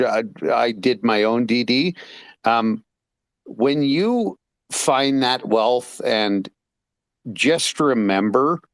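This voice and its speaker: A man of middling pitch, speaking as a guest in a casual chat. The sound is dry and close. He talks in a reflective, encouraging way. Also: dry recording.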